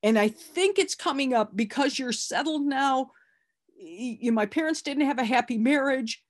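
A middle-aged woman telling a personal family story in an emotional, halting way, repeating herself and stammering at moments. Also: high voice.

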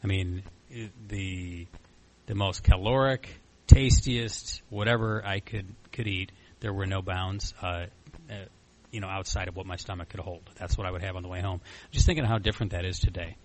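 A man with a very low voice talks in a loose, candid way. He rambles, restarts his sentences and fills the gaps with ums. He is from Michigan. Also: steady tone, fairly quick. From Flint, Michigan. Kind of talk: casual personal talk.

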